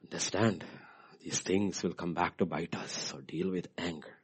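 Husky, dramatic male preacher. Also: sits low, steady tone, normal speed. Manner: dramatic, swings from loud outbursts to hushed whispers. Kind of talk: sermon.

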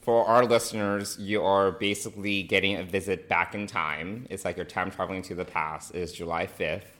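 Teasing, lower-voiced podcast co-host. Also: male voice, steady tone, moderate pace, fairly bright tone. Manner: teasing, chatty. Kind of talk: casual podcast chat.

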